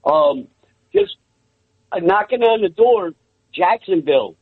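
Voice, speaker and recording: A high-voiced male caller coming through a tinny, dry phone line. He is excited and talks in quick bursts, breaking into laughter between thoughts. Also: slightly rough, no echo. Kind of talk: call-in talk.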